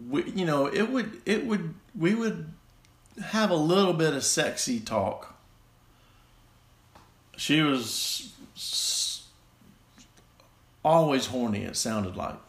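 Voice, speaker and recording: A Southern American man tells a personal story in a halting, self-deprecating ramble full of restarts. His delivery is slow and unhurried, and his voice sits at an ordinary middle pitch. The room around him gives back a noticeable echo.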